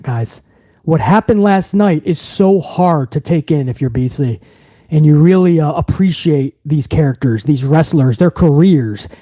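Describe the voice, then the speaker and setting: A young man with a high-pitched voice rants on a live wrestling podcast stream, heated and profane. He reads viewer messages aloud between outbursts. The sound is very dry and close to a desk mic. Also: warm tone, no room sound.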